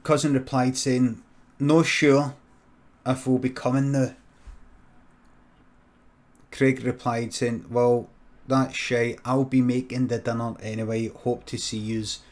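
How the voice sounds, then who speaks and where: A Scottish comedian improvising a comic story with deadpan, sweary narration and quick muttered asides. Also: male voice, medium pitch. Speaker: comedian streamer.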